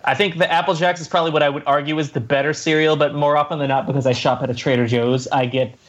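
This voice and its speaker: A man's voice: a little high, steady tone, quick pace, dull audio. Laid-back laughing male podcast host. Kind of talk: casual podcast chat.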